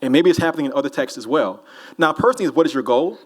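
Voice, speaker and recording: This is a man who speaks in a somewhat high voice. He answers audience questions in a relaxed way, wandering through his thoughts and tossing jokes to the room. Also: racing. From New Orleans. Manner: loose, rambling, joking with the crowd. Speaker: author on a festival panel. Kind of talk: casual audience Q&A. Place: festival hall with a live audience.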